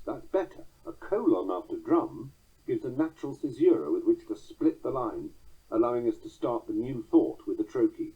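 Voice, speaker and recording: A man giving a scripted lecture on verse meter, measured and slowing down whenever he recites a quoted line. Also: on the low side, animated, husky. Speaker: teacher explaining verse meter. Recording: narrow, phone-like sound.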